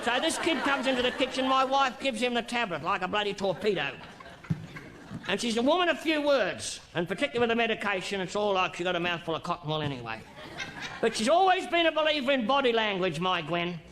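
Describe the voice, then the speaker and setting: A man's voice: high-pitched, expressive, fast talker, bright, forceful tone, slight background noise. A man doing a leering, crude old Australian boaster. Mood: sly bawdy. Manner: bawdy, leering, mock-sentimental storytelling. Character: crude boastful older Australian male diplomat. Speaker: stand-up comic in character. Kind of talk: stand-up character comedy.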